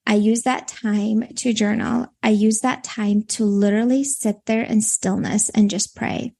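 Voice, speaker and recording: A woman's voice: mid-range voice, steady tone, measured pace, gravelly, warm tone. A woman in her thirties with a Minnesota accent, born in Latvia, speaking as a guest coach in a podcast interview and rambling with many fillers.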